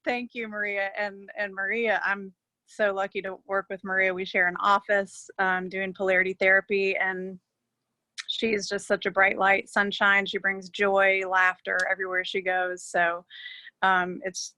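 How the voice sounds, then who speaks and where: A woman's voice: medium pitch, completely flat delivery, measured pace, sharp tone, no room sound. A woman speaking as a guest on a casual group video call, emotional and hesitant with frequent fillers.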